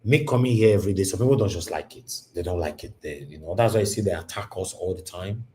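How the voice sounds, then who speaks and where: A man's voice: low voice, fast talker, a little mellow, slight background noise. A Nigerian man hosting a livestream, talking in a rambling, emphatic way and mixing Pidgin into his English. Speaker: livestream host. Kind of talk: casual livestream commentary.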